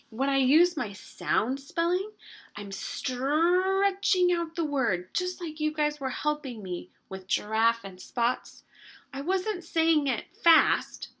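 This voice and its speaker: Woman teacher, slightly high voice, unhurried, sounds out words slowly for young kids. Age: adult. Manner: slow, stretched-out sounding of words, gentle coaxing questions. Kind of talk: early-grade writing lesson, modeling spelling.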